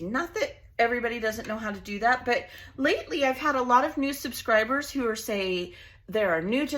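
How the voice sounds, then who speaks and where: Chatty crafty lady doing a tutorial at home, bright voice that bounces around a lot. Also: a little high. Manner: bubbly, chatty, gushing. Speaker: crafting channel host.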